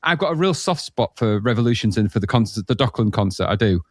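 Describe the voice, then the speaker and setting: A man, hosting a casual podcast chat and telling rambling, animated stories. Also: lowish voice, fast, no echo, studio quality. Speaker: podcast host.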